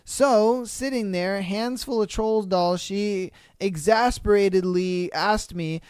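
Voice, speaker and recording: Podcast host, male, clear smooth voice, dry close sound, blunt and profane story reactions. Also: sits high, takes it slowly, few pauses, darkish tone, dry recording. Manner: blunt, profane, exasperated commentary. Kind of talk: reading and reacting to listener stories.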